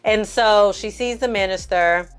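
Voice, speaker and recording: In a smooth, mid-range voice at a slightly slow pace, a film and TV reviewer gives a casual, slang-heavy episode recap to her viewers. She's animated, acting out characters' lines with exaggerated inflection, with frequent fillers and asides to the audience.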